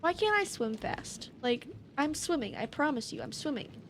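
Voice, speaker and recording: At her desk mic, a woman gaming YouTuber offers casual gameplay commentary in a high voice with lively intonation at a moderate pace, with a little hiss or hum audible. She gets exasperated easily, breaking into outbursts and laughter.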